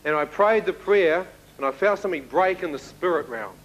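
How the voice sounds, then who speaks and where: A man giving a spoken testimony to an audience, telling his story in an animated way and acting out the dialogue. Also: a little high, moderate pace, low-quality recording. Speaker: speaker giving a personal testimony.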